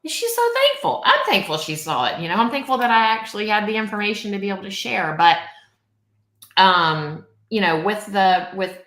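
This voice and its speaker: A woman guest in casual conversation, talking in an animated way and often tagging her points with "like" and "right?". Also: medium pitch, normal speed, reverberant. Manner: animated, acts out quoted people, peppers talk with "like" and "right?". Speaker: podcast guest.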